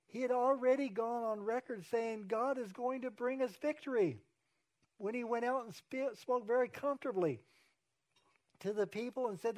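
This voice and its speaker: High-voiced man preaching a sermon. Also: darkish tone. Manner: earnest preaching, rising to emphatic declarations; repeats key phrases for emphasis. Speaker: pastor.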